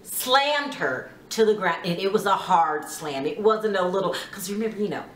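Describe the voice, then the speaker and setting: A woman casually recapping a reality TV episode, chatty, with many fillers, quoting people in animated bursts. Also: mid-range voice, moderate pace, recorded from a distance. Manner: chatty, lots of "you know", quotes people in lively voices. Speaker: TV recap vlogger. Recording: echoey room, off-mic.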